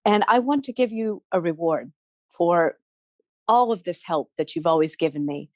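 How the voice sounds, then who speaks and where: Woman doing a gentle, grateful holy woman. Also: lowish voice, lively intonation, normal speed, dry recording, studio quality, natural voice.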